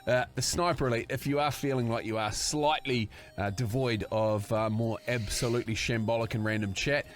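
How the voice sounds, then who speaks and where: A man's voice: mid-range voice, steady tone, moderate pace. A man with a New Zealand accent, co-hosting a casual podcast and telling rambling, sweary stories. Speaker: podcast co-host.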